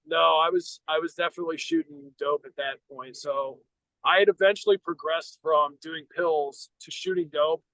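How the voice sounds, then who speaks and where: Middle-aged american guy rambling through a story, cursing a lot, slightly high voice, dry close mic. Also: pushed and bright, no echo, poor audio. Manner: blunt, profane, rambling with restarts. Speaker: podcast co-host. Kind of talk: casual storytelling.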